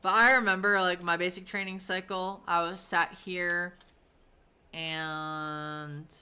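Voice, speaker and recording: A woman's voice: on the low side, fairly even intonation, takes it slowly, pushed and bright, clear, resonant tone. A woman in her thirties streaming from home, telling stories in a chatty, rambling way, full of fillers and casual swearing. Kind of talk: casual storytelling on a live stream.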